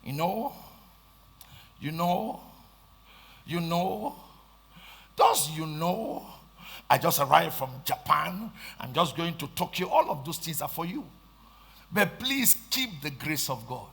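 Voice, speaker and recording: A man with a Nigerian accent preaching a sermon, swinging between shouted lines and hushed asides and repeating phrases for emphasis. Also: fairly high pitch, sing-song, slow, creaky, pauses often, husky. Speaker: pastor.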